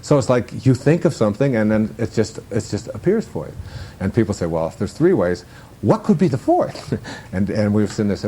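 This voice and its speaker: A man's voice: on the low side, sing-song, brisk, warm tone, a little hiss or hum. A man with a Detroit accent, musing through a reflective interview and laughing at his own jokes. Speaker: self-help speaker.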